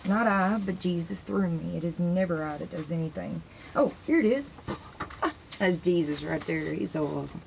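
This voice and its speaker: Woman host, gravelly voice, casual and rambling, eager to show pictures from her books. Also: fairly low pitch, normal speed, a little mellow, a little hiss or hum, low-quality recording. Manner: sprinkles praise phrases into talk. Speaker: religious video host. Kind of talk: casual show-and-tell talk to camera.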